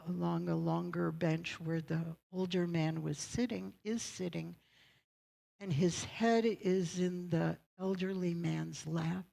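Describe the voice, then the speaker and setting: A woman's voice: lowish voice, vocal fry, darkish tone, low-quality recording. A woman pastor giving a sermon, telling a story in a conversational way and checking in with her congregation.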